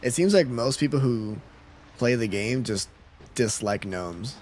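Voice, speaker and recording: A man's voice: medium pitch, animated, measured pace, a little mellow, slight background noise. Laid-back male gaming streamer. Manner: laid-back, chuckling, reads out chat messages. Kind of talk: casual live-stream chat while gaming.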